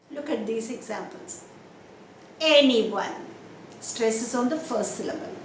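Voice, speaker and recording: A woman teaching English pronunciation, explaining slowly and carefully and stretching out example words to show where the stress falls. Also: fairly high pitch, a little mellow. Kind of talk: slow, deliberate classroom explanation. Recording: roomy echo, faint background noise.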